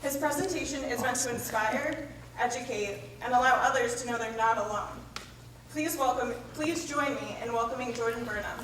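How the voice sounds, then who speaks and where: A woman reading out an introduction of a speaker in a brisk, list-like way. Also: fairly high pitch, heavy background noise. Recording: very echoey hall, from far off.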